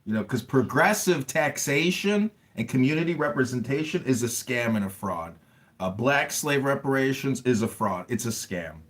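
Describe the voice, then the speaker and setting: A man's voice: mid-range voice, expressive, moderate pace. Blunt guy in a voice chat making bold claims, ordinary mid voice. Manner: blunt, provocative declarations. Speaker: guest in an online voice chat. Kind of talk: casual group chat.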